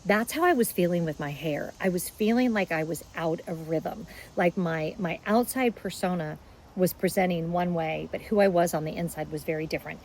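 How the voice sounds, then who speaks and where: A woman's voice: on the low side, slight background noise, poor audio. A middle-aged woman, talking casually to camera in a chatty vlog. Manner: chatty, warm-hearted, emotional in places. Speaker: vlogger.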